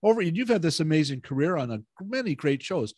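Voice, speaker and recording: A male journalist interviewing an actor, keeping his questions short and rushing against the clock. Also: on the high side, very animated, a little mellow. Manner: hurried, apologetic about time, short prompts. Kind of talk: press interview.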